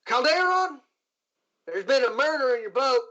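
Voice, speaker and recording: A man's voice: very high voice, sing-song, moderate pace, bright, forceful tone, voice pushed up, heavily acted. A man voicing a tough, blunt frontier woman marshal who gives clipped orders in a folksy drawl. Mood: brisk. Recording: muffled lo-fi recording.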